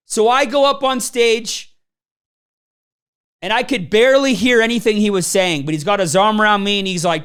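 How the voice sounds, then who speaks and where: High, clear-voiced man telling stories. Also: lively intonation, a little fast, a bit bright. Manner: storytelling, acts out quoted people. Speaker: business trainer. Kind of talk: motivational talk to a live audience.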